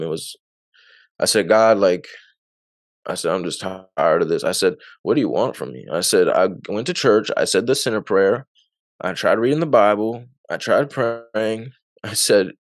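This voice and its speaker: Low-voiced man telling his story. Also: no room sound, clean studio sound. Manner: rambling with frequent fillers; laughs often. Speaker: interview guest. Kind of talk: casual testimony.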